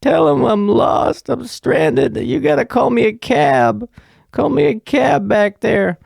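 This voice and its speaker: A man putting on a shrill, frantic drunk woman. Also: expressive, takes it slowly, vocal fry, darkish tone, dry recording, studio quality, full character voice. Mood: panicked. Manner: frantic, swearing, whiny pleading. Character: drunk panicky stranded woman, shrill and demanding.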